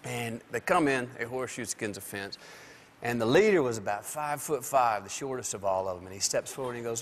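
On a television studio stage, a man appears as a late-night talk show guest, telling a long story in a drawl and acting out other people's lines. His mid-range voice is animated and fast, with studio hall reverb and faint noise.

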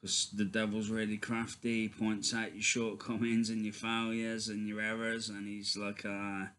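A man talking casually to his viewers in a faith vlog, halting, with many ums and restarts. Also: lowish voice, completely flat delivery, a bit bright, a little hiss or hum. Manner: addresses viewers as guys. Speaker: vlogger.

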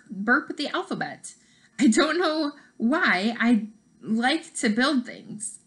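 A woman voicing a spirited, playful young schoolgirl in a read-aloud storybook, speaking emphatically with a raised, bouncing pitch. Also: bright, forceful tone, heavily acted.

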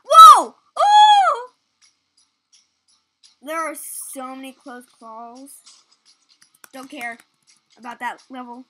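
A young woman giving excitable, casual commentary while playing a game, yelping at near misses. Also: high-pitched, slow pace, pauses often, very noisy. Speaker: gaming channel host.

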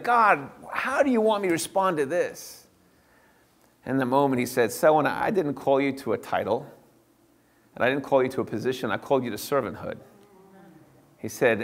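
A middle-aged man, a pastor, giving a personal testimony to a church, earnest and swinging between animated and hushed. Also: medium pitch, creaky.

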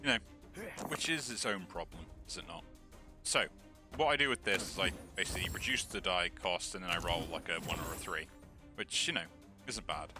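A man hosting a game video, thinking aloud in relaxed let's play commentary, with the hiccups. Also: sits low, brisk. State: has the hiccups. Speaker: gaming channel host. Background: background music.

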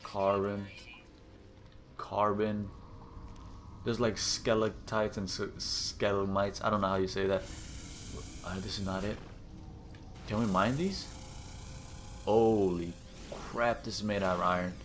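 A young gaming host takes things slowly, leaving long pauses in his fairly low voice amid slight background noise. Still, he's excitable, casually narrating his gameplay and often gasping or exclaiming as he explores.

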